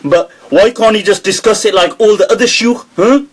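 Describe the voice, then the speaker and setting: A man hosting a live Q&A, talking in an animated way, quoting others and laughing often. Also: high-pitched, normal speed, rough recording. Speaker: host. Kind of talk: live Q&A talk. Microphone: webcam or phone on a live stream.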